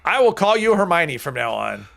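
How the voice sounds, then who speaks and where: Chatty gravelly-voiced man streaming a game. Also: fairly high pitch, very animated, normal speed, fairly bright tone. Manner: rambling, chatty, often restarts and corrects himself. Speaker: live streamer. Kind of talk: casual gameplay commentary while reading chat.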